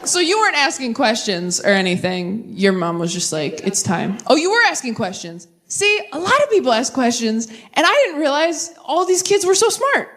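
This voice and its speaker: A young woman doing stand-up comedy on stage, chatting with the crowd and veering into quick asides. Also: high voice. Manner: animated, tangent-prone, quick asides to the crowd.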